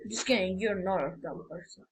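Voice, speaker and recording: A woman giving casual, rambling game commentary, excitable and prone to sudden yelps and shouts. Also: medium pitch, a little fast, poor audio. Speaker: gamer.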